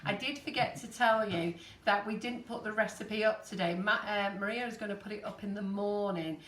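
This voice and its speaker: A woman's voice: mid-range voice, a little fast, fairly bright tone. Chatty woman in her fifties hosting. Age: 50s. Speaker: host. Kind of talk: live-stream baking chat. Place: busy studio kitchen. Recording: echoey kitchen, distant mic, faint noise.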